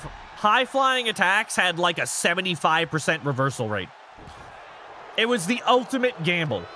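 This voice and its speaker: A man streaming a wrestling video game, chatting casually and reacting loudly, swearing at the action and cooing to his pets between matches. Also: high voice, slight background noise. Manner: excitable, swears, baby-talks to pets. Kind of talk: casual gaming commentary.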